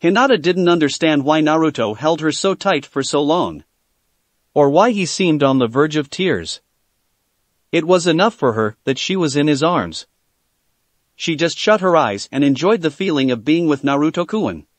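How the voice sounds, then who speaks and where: A man reads a fan fiction story aloud with steady, plain storytelling. His voice is fairly high and moves lively through the lines. The recording is close and dry. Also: normal speed, dry recording. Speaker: narrator.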